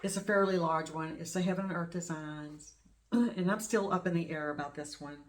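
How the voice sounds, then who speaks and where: A middle-aged woman with a fairly low voice talks in a loose, chatty way. She rambles and gushes over small things, like a craft channel host showing off her work. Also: normal speed. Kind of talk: casual show-and-tell chat.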